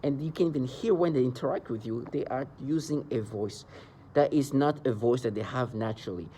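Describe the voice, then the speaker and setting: A man's voice: mid-range voice, dark tone, a little hiss or hum. A man delivering an agitated, rambling monologue into the camera, with mocking asides. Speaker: vlogger describing being targeted. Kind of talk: angry monologue.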